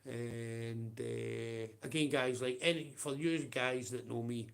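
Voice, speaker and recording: A man's voice: mid-range voice, fairly even intonation, slow, creaky. A man with a Scottish accent ranting on a livestream, profane and confrontational, with blunt taunts.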